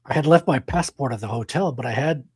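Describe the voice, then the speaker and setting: A man's voice: medium pitch, fast, a little mellow, husky, dry recording. A man in his forties from Quebec with a French Canadian accent, casually telling rambling stories as a podcast host. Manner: rambling anecdotal storyteller. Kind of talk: casual chat.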